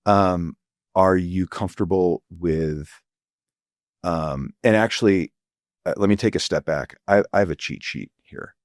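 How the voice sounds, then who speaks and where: A middle-aged male physician speaking in an interview, earnest and halting, searching for words and sometimes emotional. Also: low voice, dry recording, clean studio sound. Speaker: physician guest. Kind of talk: reflective interview conversation.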